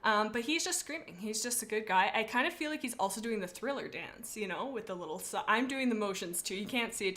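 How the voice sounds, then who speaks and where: A young woman hosts a casual livestream, rambling playfully about viewers' cats. Her voice sits a little high, and she talks with silly, dramatic asides. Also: a bit bright. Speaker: streamer rating viewers' cats.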